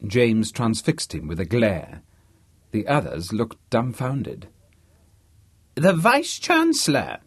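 A man narrating a novel audiobook in a measured, expressive way. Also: lowish voice, slightly rough, no echo. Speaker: audiobook reader. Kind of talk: scripted narration.

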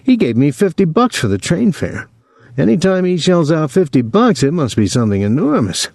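Guy putting on a higher-voiced jumpy teen kid in an audiobook, keeps blurting out surprise, dry close sound. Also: normal speed, creaky, no room sound, exaggerated voice. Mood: agitated. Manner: excited, incredulous outbursts. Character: agitated teenage boy, younger brother.

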